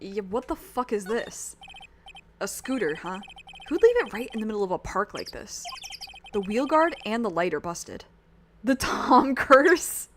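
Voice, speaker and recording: A woman's voice: medium pitch, very animated, a little slow, noisy background. A young woman streamer chatting casually and self-deprecatingly while playing a game. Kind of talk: casual let's-play chat.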